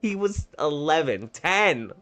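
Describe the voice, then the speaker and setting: A young man streaming a game, telling stories in a campy, animated and profane way. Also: a little high, slow. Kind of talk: casual storytelling while gaming.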